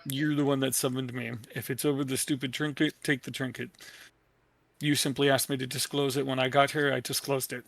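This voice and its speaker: A man's voice: medium pitch, little pitch movement, brisk, creaky, a bit bright, no echo. A man playing in a tabletop game, speaking in character in a blunt, impatient way. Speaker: player.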